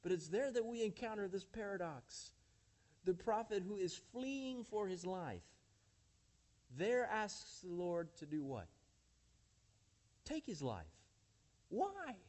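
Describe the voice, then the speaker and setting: High-voiced preacher asking pointed questions. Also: male voice, very animated, takes it slowly, long pauses, darkish tone. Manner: emphatic, asks rhetorical questions to the congregation; addresses listeners as friends and church. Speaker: pastor. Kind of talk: sermon.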